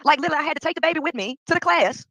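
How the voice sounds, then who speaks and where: Fast-talking exasperated high-voiced woman. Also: animated, fairly bright tone, no room sound, low-quality recording. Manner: exasperated, addresses viewers directly. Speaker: streamer venting to viewers. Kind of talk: casual rant.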